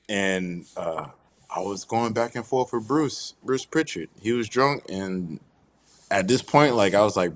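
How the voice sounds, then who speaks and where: A man's voice: lowish voice, measured pace. A man talking as a wrestler guest in a casual interview, laid-back and slangy, calling the host "bro".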